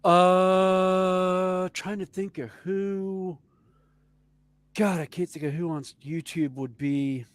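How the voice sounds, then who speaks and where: A man with a Southern US accent telling stories in a casual chat, animated and chuckling as he goes. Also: sits high, slow, smooth, no echo. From Southern United States. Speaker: podcast co-host.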